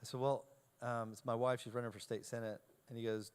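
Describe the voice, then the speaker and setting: A man giving a talk to a youth audience, telling a self-deprecating anecdote in a lively way and acting out each exchange. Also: medium pitch, quick pace, clean tone. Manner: animated storyteller, self-deprecating, acts out dialogue. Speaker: keynote speaker. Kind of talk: humorous anecdote told to a live audience.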